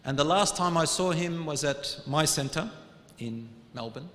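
In an earnest sermon recorded in an echoey hall, an Islamic preacher recounts a personal story, weaving in Arabic religious phrases. His voice sits on the high side and moves a little slowly, swelling into loud urging before sinking to a hush.

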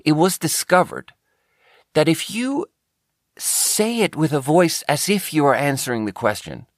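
A man's voice: fairly high pitch, animated, measured pace, dry recording, studio quality. A man hosting a podcast, telling a story in a rambling way, often correcting himself mid-sentence and swearing casually. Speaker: podcast host.

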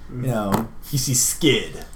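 A man's voice: medium pitch, animated, slow. A man narrating a tabletop role-playing game as game master, rambling with lots of fillers. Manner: rambling, filler-heavy storytelling. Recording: echoey room, faint hum.

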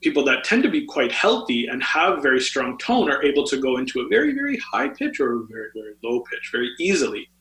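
A man's voice: medium pitch, sing-song, fast talker, hardly any pauses, bright, forceful tone. A man appearing as a guest on a podcast, explaining health tips at length with frequent fillers like "um" and "uh". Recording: roomy echo.

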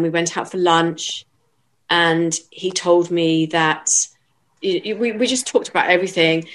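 Low-voiced woman recounting an ordeal. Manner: measured, halting retelling with restarts. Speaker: interviewee. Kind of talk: personal account in an interview.

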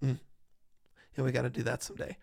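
Guy with a gravelly voice, chill podcast host chatting casually, lots of ums and likes. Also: medium pitch, quick pace, dry recording, studio quality. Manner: relaxed, chatty, trails off into fillers. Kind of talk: casual chat.

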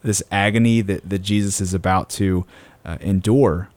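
Low-voiced man in earnest faith talk. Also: steady tone, a little mellow, no room sound. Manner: halting, earnest, many restarts. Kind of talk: casual faith discussion.

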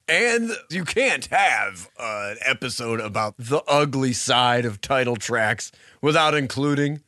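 A man hosting a podcast in casual chat, animated, laughing and swearing casually. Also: medium pitch, measured pace, hardly any pauses. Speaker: podcast host.

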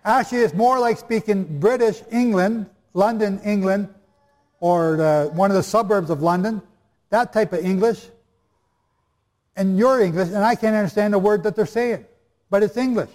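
A man's voice: high-pitched, normal speed, a little mellow. A man preaching and teaching the Bible to a live audience, chatty and jokey, often quizzing the listeners. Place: hall before a live audience. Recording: long reverb of a large hall.

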